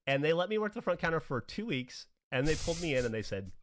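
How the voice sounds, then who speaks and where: A man in his forties tells a rambling anecdote to his co-host, his voice rising and dropping through a lively, expressive range. He laughs, curses freely and acts out the other people in the story. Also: fairly high pitch, very fast, hardly any pauses. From American South. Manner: animated, laughing, swearing, acts out quoted people. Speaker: podcast co-host. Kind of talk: casual storytelling.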